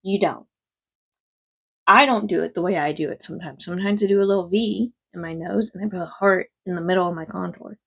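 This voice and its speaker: A woman's voice: fairly low pitch, quick pace, creaky, hardly any pauses, fairly bright tone, slightly rough, highs cut off. A woman chatting casually through a makeup tutorial at home, rambling and frank, with some swearing. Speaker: makeup vlogger. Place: quiet home.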